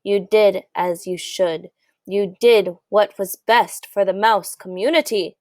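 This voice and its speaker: A woman voicing a pompous, stern old male head mouse who shouts and drags out his words. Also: mid-range voice, slow pace, dry recording, natural voice. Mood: stern alarmed.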